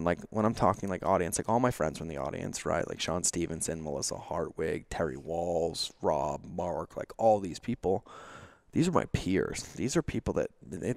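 A man's voice: low-pitched, vocal fry, a little mellow, dry recording, studio quality. A man talking candidly as a podcast guest, emphatic and confessional, full of "like" fillers and acted-out quotes. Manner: frequent "like" fillers. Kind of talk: candid conversational storytelling.

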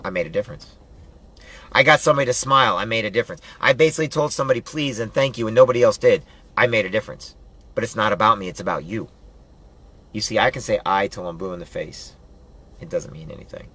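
A man giving a loud, preachy motivational pep talk, hammering home rallying commands and building up to yelling. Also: on the low side, fast, slightly rough. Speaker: motivational vlogger.

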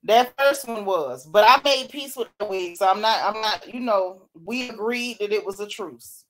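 A woman's voice: mid-range voice, normal speed. A woman hosting a casual chat, reading out comments from viewers and laughing often. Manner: animated, laughing, Southern-style slang. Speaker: host.

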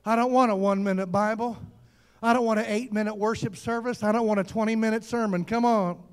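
A man preaching a fervent sermon, calling out to the congregation and often shouting. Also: sits high, fairly even intonation, fast, smooth. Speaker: pastor.

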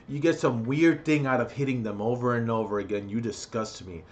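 A man in the middle of a vlog rant, talking straight to his viewers in an ordinary mid-pitched voice. He swears constantly and climbs into loud, heated bursts, then drops back into blunt, plain talk. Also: fairly quick, hardly any pauses, slight background noise. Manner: heated, profane ranting with loud outbursts. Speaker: vlogger. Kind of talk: ranting vlog monologue.

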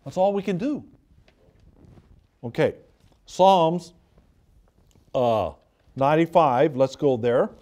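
High-voiced man preaching a fervent sermon. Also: lively intonation, slow, long pauses, mellow. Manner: fervent, conversational preaching with emphatic repetition. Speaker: pastor.

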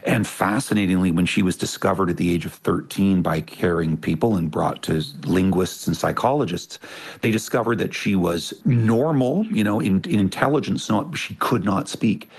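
A man's voice: deep voice, creaky, husky. A man as an interview guest, explaining with enthusiasm and restarting his phrases often. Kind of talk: conversational interview.

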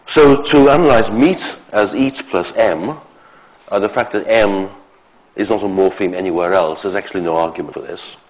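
A man giving an academic lecture, explaining step by step in short phrases with pauses. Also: on the low side, poor audio.

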